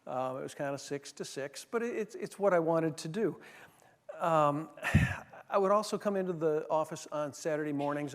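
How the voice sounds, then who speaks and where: A man giving an anecdotal leadership talk, telling stories with many fillers and restarts. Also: fairly high pitch. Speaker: former managing partner giving a talk. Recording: long hall reverb.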